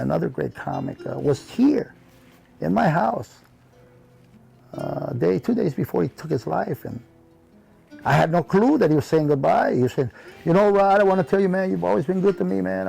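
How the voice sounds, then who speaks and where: A man's voice: sits high, expressive, brisk, creaky, dark tone, husky, soft background music. A male comedian reminiscing in an interview, rambling and heartfelt, often saying "you know" and acting out remembered conversations. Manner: acts out remembered dialogue in his telling. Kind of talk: reflective storytelling in conversation.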